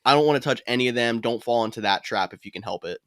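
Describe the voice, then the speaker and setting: A man co-hosting a podcast, giving casual fantasy football advice in a quick, chatty way. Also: mid-range voice, fairly bright tone, no room sound, clean studio sound. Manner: quick, chatty, laughs easily. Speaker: podcast co-host.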